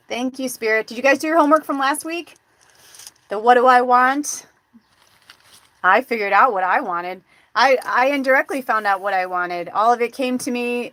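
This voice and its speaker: A woman in her forties hosting a spiritual show, talking casually and acting out quoted dialogue in a chatty, animated way. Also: medium pitch, dry recording. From United States. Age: 40s. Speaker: spiritual medium host. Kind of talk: casual livestream chat.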